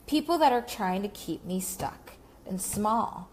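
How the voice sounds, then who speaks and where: A man's voice: high-pitched, lively intonation, measured pace, a little hiss or hum. Woman doing an earnest vacationing man. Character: surprised vacationing man, a coach.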